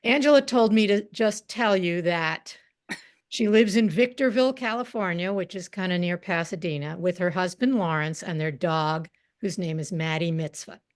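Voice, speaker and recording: A woman's voice: lowish voice, moderate pace. A woman hosting a storytelling event, enthusiastically introducing the next teller over a video call. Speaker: event host.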